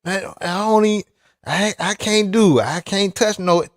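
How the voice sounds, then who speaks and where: A man mimicking a whining grown racer who pleads and moans in a higher, softer voice than his own. The words trail off and restart as he protests. The sound is close and dry. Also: moderate pace, dry recording, lightly acted. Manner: whiny, pleading, breaking off mid-sentence.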